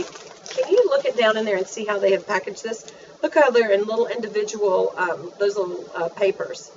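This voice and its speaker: A woman with a mid-range voice sounds dull and faint, recorded off-mic at home from a distance with a noisy background. A vlogger, she chats casually in a playful, gushing way while reviewing things for her viewers.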